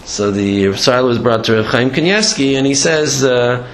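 Gravelly, halting man telling Torah stories. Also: mid-range voice, lively intonation. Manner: halting, many restarts, sprinkled with Hebrew and Yiddish terms. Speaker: Torah lecturer. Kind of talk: storytelling Torah lecture. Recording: echoey room, faint background noise.

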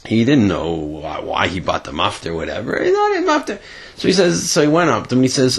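A man, casually telling a story with halting restarts and a voice that jumps high on quoted lines. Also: sing-song, breathy edge.

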